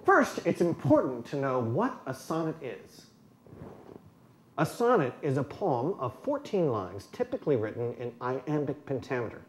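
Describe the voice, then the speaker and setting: A man's voice: medium pitch, sing-song, normal speed. Man, scripted lesson narration, dry tongue-in-cheek humor, echoey room, faint hiss behind. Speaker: presenter explaining poetry. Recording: roomy echo with faint background noise.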